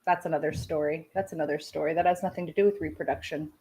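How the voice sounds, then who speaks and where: A woman in her thirties hosts a relaxed live chat with her viewers. Her voice sits a little low, and she talks in a loose, personal way. She laughs easily and keeps dropping self-deprecating asides. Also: fast talker. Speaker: live show host talking to viewers.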